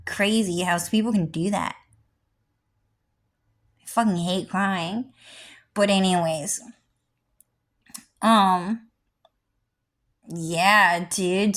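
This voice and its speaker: Woman vlogger, erratic profane ranter, loud bursts then muttering asides. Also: medium pitch. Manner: heavily profane, rambling and erratic, swinging between loud and muttered. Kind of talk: rambling livestream rant.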